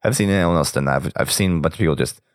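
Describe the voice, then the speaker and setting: A man hosting a casual gaming podcast with a hoarse voice he is losing, rambling through the show's sign-off and plans. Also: racing, dry recording, clean studio sound. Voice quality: very deep gravelly voice. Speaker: podcast host.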